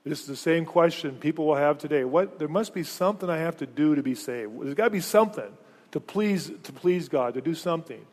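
This man, a pastor with a somewhat high voice, preaches a sermon to his congregation with lively intonation, a fairly quick pace, and a slightly mellow quality. He is earnest but keeps tripping over words and starting phrases again. Long reverb carries his voice as though through a big church hall.

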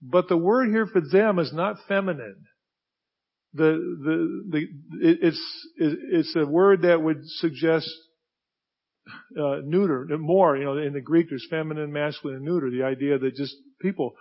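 A pastor preaching a sermon, swinging from hushed, slow emphasis to loud, forceful passages. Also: male voice, on the high side. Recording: dull lo-fi sound.

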